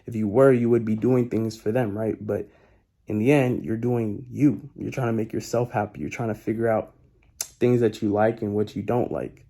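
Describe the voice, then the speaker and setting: Laid-back young man, mellow voice. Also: on the low side, fairly even intonation, moderate pace. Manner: laid-back and slangy, repeats his key points. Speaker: vlogger giving life advice. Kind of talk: casual motivational talk.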